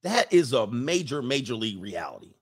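A man's voice: mid-range voice, big pitch swings, a little fast, slightly rough. A man hosting a casual livestream, reading chat comments and giving emphatic opinions, often repeating phrases for effect.

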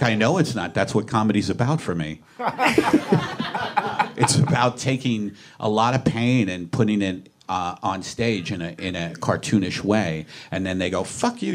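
A man's voice: low voice, normal speed. A man, a comedian, chatting casually on a live show, rambling and self-deprecating, slipping into sighing mock voices. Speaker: comedian podcast host. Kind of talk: casual chat. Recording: live stage, faint noise.

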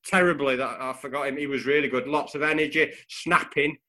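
A man in a casual post-match football chat, talking in quick restarts and handing out player ratings. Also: mid-range voice, fairly even intonation, a loud crowd. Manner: chatty, restarts often, gives player ratings. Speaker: football podcast co-host.

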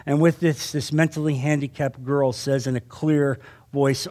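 A man's voice: medium pitch, level tone, moderate pace, dark tone. A middle-aged man preaching a sermon to a men's group, earnest and repetitive, often checking in with his listeners. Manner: earnest, repeats phrases, asks "you understand?". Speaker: Bible teacher.

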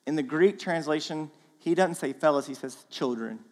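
A man giving a sermon as a guest speaker in a church, in an animated, casual way with slang, acting out the voices in the story. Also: a little high, normal speed, big-room sound. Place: church auditorium.

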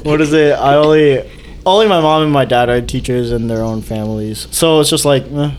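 Male podcast co-host, slightly high voice, rambling, giggly storyteller, faint room noise. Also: brisk. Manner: laughs through his stories, many fillers. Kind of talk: casual chat.

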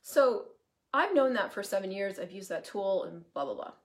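A woman hosts a live video in a chatty, emphatic way. Her voice sits at an ordinary middle pitch. She greets viewers as they join and swears now and then without any fuss. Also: lively intonation, normal speed. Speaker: certified facilitator hosting a live video. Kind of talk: casual live-stream monologue.

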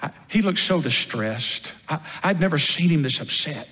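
A man playing the apostle Peter as a first-person dramatic monologue, telling the story earnestly and dramatically, moving between loud and hushed passages. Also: fairly high pitch, lively intonation, normal speed. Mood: hushed, grave. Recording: long hall reverb.

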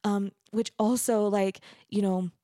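A woman songwriter talking through the meaning of her song's lines in a thoughtful, halting way, often stopping and restarting, and reading the lyrics aloud earnestly. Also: mid-range voice, steady tone, mellow, dry recording, studio quality. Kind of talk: casual explanation of her song.

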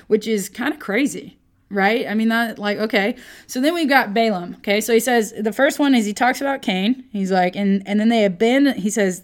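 A woman teaches a Bible lesson in a relaxed, conversational way, full of playful asides. Her voice sits at an ordinary middle pitch, and she keeps checking in with "okay?".

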